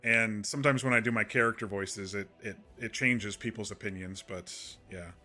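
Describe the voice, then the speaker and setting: A man's voice: lowish voice, steady tone, normal speed, bright, forceful tone, soft background music. A man streaming a game, chatting casually to viewers in a soothing, rambling way with many restarts.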